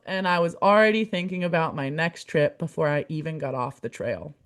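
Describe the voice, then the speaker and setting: Female podcast host, young adult, lowish voice, earnest and encouraging delivery. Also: brisk. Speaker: podcast host, community manager. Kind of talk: heartfelt podcast monologue.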